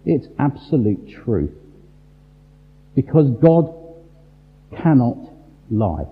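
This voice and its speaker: Emphatic preacher in a big echoing hall. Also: male voice, mid-range voice, sing-song. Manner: emphatic, rhetorical questions, dramatic pauses. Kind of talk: sermon. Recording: tinny phone-like sound in a large reverberant hall.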